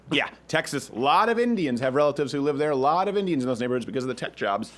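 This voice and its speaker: A man's voice: mid-range voice, very animated, a little fast. Joking male talk show host. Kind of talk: casual comedic chat.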